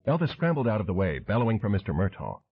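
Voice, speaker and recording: A man's voice: lowish voice, huge pitch swings, fast, slightly rough. A man narrating an audiobook thriller with dramatic storytelling. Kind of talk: scripted narration. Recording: tinny phone-like audio.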